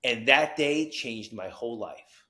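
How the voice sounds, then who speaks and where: A man from New Jersey, a podcast guest telling his story with animated energy and acted-out quotes. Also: medium pitch, a little slow. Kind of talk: storytelling interview.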